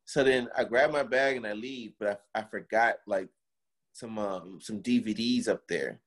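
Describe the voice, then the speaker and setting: A man's voice: on the low side, normal speed. A young man in casual chat, animatedly telling a story, swearing and acting out the quotes.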